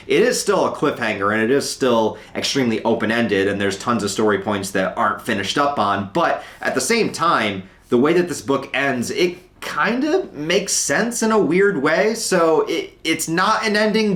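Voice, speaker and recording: A man with a raspy, hoarse voice from being sick talks casually from his couch, often pausing and hesitating as he rambles. His voice sits in the middle of the male range. The sound is roomy, with a noticeable echo. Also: mid-range voice, a bit bright. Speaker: book reviewer. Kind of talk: casual video review. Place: at home on a couch.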